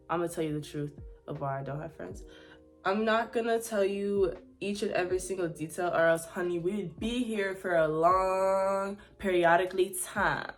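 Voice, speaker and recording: Chatty, sassy young woman vlogger. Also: fairly low pitch. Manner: chatty and candid, lots of "like" fillers, sassy asides with "honey". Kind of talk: casual chat while getting ready.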